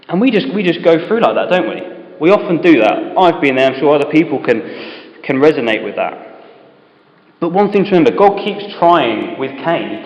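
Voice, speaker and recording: A man's voice: on the high side, sing-song, normal speed. A man giving an informal Bible talk to a men's group, speaking conversationally and asking many rhetorical questions. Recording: echoey hall, dull lo-fi sound.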